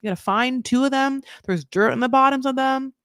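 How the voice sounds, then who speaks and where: A young woman recapping a reality show in casual, animated commentary, swearing freely and acting out what the people said. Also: high voice, fairly quick, no room sound, clean studio sound. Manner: chatty, animated, swears, acts out quoted voices.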